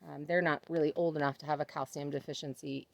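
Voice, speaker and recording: A woman's voice: low-pitched, steady tone, fast, gravelly, dry recording. A woman talking casually to her camera outdoors on a farm, chatting and talking to her animals in a sing-song voice. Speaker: homesteading vlogger. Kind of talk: casual vlog narration.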